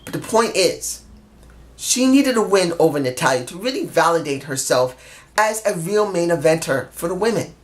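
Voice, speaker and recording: A man talks straight to camera in a solo review, heated and blunt. He swears freely and keeps repeating his points to drive them home. His opinions come out loud and unfiltered. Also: fairly high pitch, lively intonation, normal speed. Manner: blunt, profane, heated, repeats himself for emphasis. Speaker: wrestling show reviewer.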